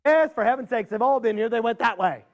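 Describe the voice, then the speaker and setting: A man doing a helpful country storekeeper from a campfire folk tale, answering with cheery, folksy phrases. The voice sits high and moves lively. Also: fast talker, highs cut off. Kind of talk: storytelling to a live audience.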